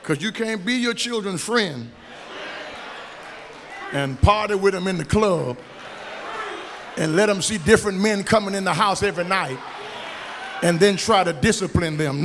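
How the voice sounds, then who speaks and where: A middle-aged man, preaching a sermon as pastor, with shouted, sing-song rises. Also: sits high, a little slow, long pauses, slight background noise. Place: church sanctuary. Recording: echoey church with long reverb.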